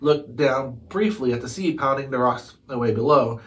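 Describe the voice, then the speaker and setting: A man reads a chapter book aloud as a storybook reader, using an ordinary middle-pitched voice at normal speed. He stumbles over words here and there and goes back to fix them. The audio is poor.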